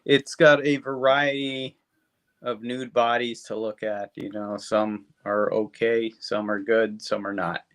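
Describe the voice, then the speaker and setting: A man's voice: fairly low pitch, flat delivery, measured pace, a bit bright. Guy in his fifties rambling about movies, swears a lot, lots of uh and you know. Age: 50s. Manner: rambling and profane, with lots of fillers. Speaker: podcast co-host. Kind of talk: casual movie review chat.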